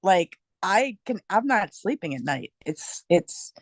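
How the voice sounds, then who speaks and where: A woman sharing something personal in a group discussion, halting and full of "like" as she talks it through. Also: mid-range voice, big pitch swings, creaky, no echo. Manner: halting, heavy on "like", emotionally open.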